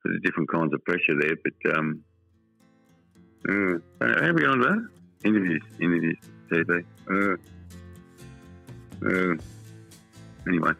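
Australian man, deep voice, gravelly, dry studio sound. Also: lively intonation, unhurried, long pauses, pushed and bright, no echo, soft background music, rough recording. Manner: blunt, repetitive, emotional storytelling. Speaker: football writer guest. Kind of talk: casual interview chat.

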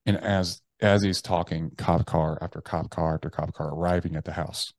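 Man, low voice, dry close sound, blunt and profane, halting storytelling. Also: steady tone, a little mellow, no echo. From United States. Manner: blunt and profane, with slangy address; halting, with frequent restarts. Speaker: podcast guest. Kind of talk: personal storytelling in conversation.

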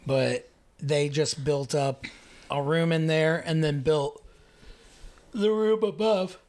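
A young man talks loosely on a home podcast, cracking jokes and swearing as he goes. His voice sits a little on the high side for a man. He laughs often between thoughts. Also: takes it slowly, a little mellow. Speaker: podcast host. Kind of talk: casual chat.

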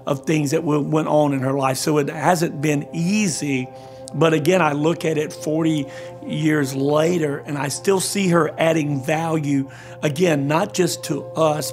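An older man with a drawl shares a personal testimony in an interview, his voice pitched a little high for a man. He speaks earnestly and haltingly, doubling back on his words. Soft music plays faintly behind him. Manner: earnest, halting storyteller who repeats words. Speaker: pastor.

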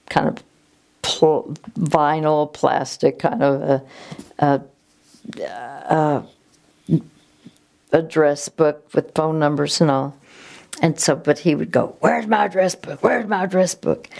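Slow, gravelly-voiced woman telling a faith story. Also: low-pitched. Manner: slow, gentle, with halting restarts. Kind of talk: reflective faith testimony.

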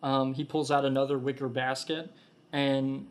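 A man running a tabletop game as game master, narrating with many ums and pauses. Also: medium pitch, level tone. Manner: hesitant with many ums, voices the kobolds.

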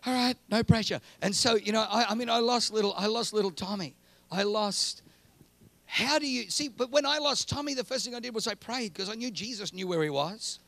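A man preaching a sermon, telling a funny personal story and building to loud, repeated questions. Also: high voice, fairly quick, creaky, no room sound. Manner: animated, rising to shouting repetition. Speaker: pastor.

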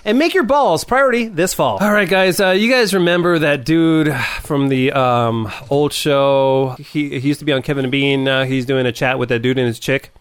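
A man's voice: on the high side, moderate pace, few pauses, clear, resonant tone. A man hosting a casual podcast, laughing often and rambling with swears and restarts. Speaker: podcast host.

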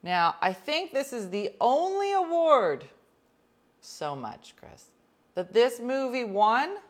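A woman hosting a casual chat, telling rambling stories with quick whispered asides. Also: fairly high pitch, sing-song.

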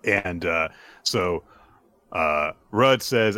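Lively, bright-voiced male podcast host. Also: lowish voice, moderate pace, no room sound. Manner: animated, playful, acts out characters. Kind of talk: casual chat retelling a manga chapter.

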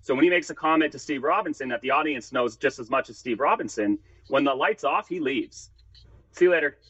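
A man chatting as a podcast guest, rambling through animated stories and slipping into the voices of people he quotes. His voice sits at an ordinary pitch. The sound is dry and a little dull, like a lo-fi recording. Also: brisk, breathy edge, dry recording. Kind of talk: casual podcast storytelling.

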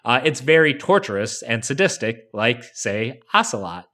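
Speaking at an ordinary pace in a mid-range voice, a male podcast co-host chats casually and analytically. He explains in a relaxed way, peppering his talk with fillers.

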